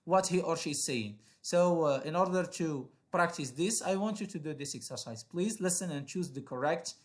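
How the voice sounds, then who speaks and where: A man's voice: on the high side, moderate pace. A man teaching an online English lesson, explaining exercises with many hesitations and filler sounds.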